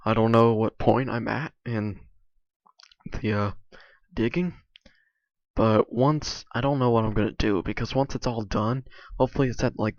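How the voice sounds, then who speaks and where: Low, gravelly young man rambling. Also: no echo. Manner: halting, filler-heavy, many restarts and likes. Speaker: video creator. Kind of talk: casual rambling commentary over gameplay. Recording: dull lo-fi mic, dry.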